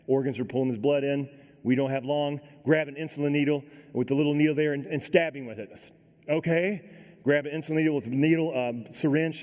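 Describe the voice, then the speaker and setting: A middle-aged man giving a keynote talk, telling a dramatic story in a folksy, animated way and acting out the other voices. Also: medium pitch. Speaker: keynote speaker. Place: large conference hall. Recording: echoey hall sound.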